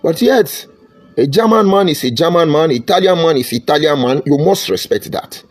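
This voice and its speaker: Nigerian guy ranting online, pitch jumps all over, preachy and repetitive. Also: expressive, moderate pace. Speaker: online commentator. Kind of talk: impassioned monologue.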